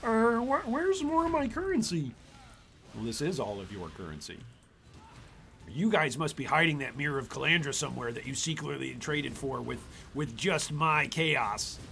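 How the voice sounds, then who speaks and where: A man mocking a paranoid male gamer who whines about his currency, in a high, nasal, froggy voice. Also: big pitch swings, normal speed, vocal fry, pushed and bright, slight background noise, exaggerated voice. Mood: whiny. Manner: whining, accusatory.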